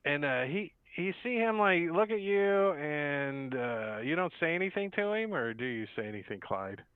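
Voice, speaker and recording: A man's voice: a little high, lively intonation, normal speed, clean tone, no room sound. Man game-mastering over a tinny line. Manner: rambling, laid-back scene narration. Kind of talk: narrating a tabletop game over a voice call. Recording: tinny, dry phone-like line.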